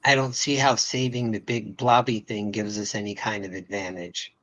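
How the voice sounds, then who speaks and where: A man's voice: on the low side, level tone, normal speed, fairly bright tone, rough recording. A man playing a tabletop game, stammering a bit, dry and sarcastic about the plan. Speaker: player. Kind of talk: casual chat in a tabletop game.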